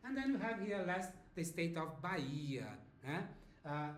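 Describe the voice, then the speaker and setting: A man with a Brazilian Portuguese accent, a native Portuguese speaker, teaching a slow beginner language lesson and checking in often with his students. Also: on the high side, sing-song, a little hiss or hum. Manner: drawls example phrases, checks in with "eh?" and "alright?". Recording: echoey room.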